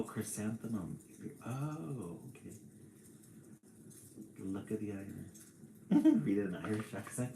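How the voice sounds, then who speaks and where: Brief: low-voiced man reading picture books aloud and chatting, very unhurried, in a roomy space with faint ambience. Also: slight background noise. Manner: slow, relaxed, chatty with small laughs. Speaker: storybook reader on a live stream.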